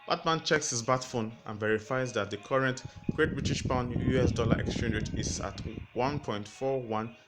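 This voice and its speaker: A man's voice: medium pitch, moderate pace, hardly any pauses, very noisy. A man teaching forex trading through a casual story, sometimes stumbling over numbers. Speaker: forex educator. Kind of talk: storytelling explainer lesson. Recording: music playing underneath.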